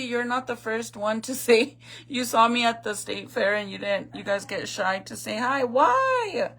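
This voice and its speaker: A woman's voice: on the high side, animated, a little slow, fairly bright tone. A woman talking straight to her viewers in casual storytime commentary, blunt and chatty, swearing freely as she retells a family dispute. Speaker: vlogger retelling a viral video.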